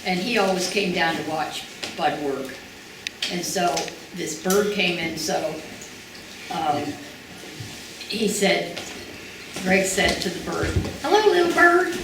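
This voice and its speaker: Woman telling a quick story at a memorial lunch, super echoey, far off, noisy. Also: on the low side. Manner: plain conversational storytelling. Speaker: memorial speaker. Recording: very echoey distant voice with loud noise.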